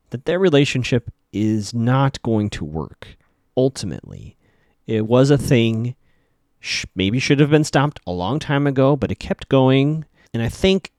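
A man's voice: mid-range voice, darkish tone, dry recording. Guy recapping a tv episode, voice bounces up and down a lot, dry close sound, chatty and wry. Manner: chatty, wry asides, many fillers. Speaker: podcast host recapping a TV episode.

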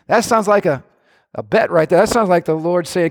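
A man preaching a sermon with passion, climbing to shouts and dropping into playful asides. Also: sits high, normal speed, long reverb tail. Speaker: pastor.

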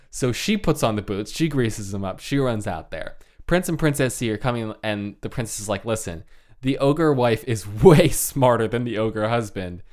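A man's voice: mid-range voice, moderate pace, darkish tone. A man casually retelling a folk tale, joking and laughing, with lots of "like". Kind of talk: casual chat.

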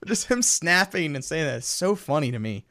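An excitable man co-hosting a movie podcast, his voice sitting a little high for a man. He chats casually, laughs often and jumps into acting out lines from the films. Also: fairly quick. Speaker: podcast co-host.

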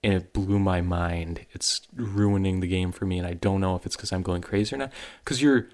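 A man co-hosting a podcast, chatting casually in an animated, rambling way that jumps up in pitch when he gets excited. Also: moderate pace. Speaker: podcast co-host. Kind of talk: casual chat.

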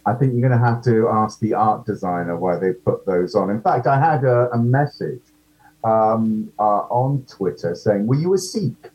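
A man's voice: fairly low pitch, expressive, normal speed, darkish tone. A British man, an actor being interviewed, chatting casually and acting out what people said. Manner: chatty storyteller, acts out quotes. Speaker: actor guest. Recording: dull lo-fi audio.

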